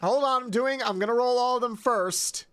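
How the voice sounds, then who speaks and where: Excitable swearing male streamer. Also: extremely high pitch, moderate pace, clear, resonant tone. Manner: excitable, swearing, yelping outbursts. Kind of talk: live game stream chat.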